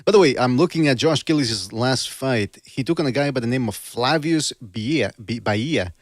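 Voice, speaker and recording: A man hosting a casual boxing podcast, talking in an animated, joking way and quick to laugh. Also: mid-range voice, dry recording, clean studio sound. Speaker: podcast host.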